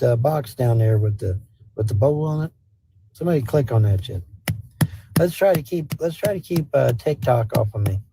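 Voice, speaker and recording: A man's voice: on the high side, warm tone, slightly rough. Man with a drawl streaming live. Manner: rambling, talks baby talk to his dog. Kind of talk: casual livestream chat. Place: home with a dog.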